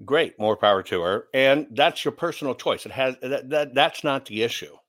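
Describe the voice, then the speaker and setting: A man's voice: mid-range voice, normal speed, a bit bright. Guy ranting on his commentary show, blunt and sarcastic, mid voice. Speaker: commentary host. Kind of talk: opinionated commentary.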